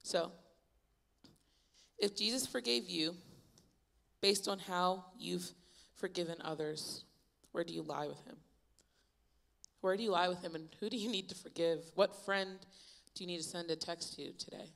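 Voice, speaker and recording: A young woman preaching a youth sermon, retelling Bible stories in a lively, casual storytelling way. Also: lowish voice, measured pace, vocal fry, pauses often. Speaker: youth pastor. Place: church youth service.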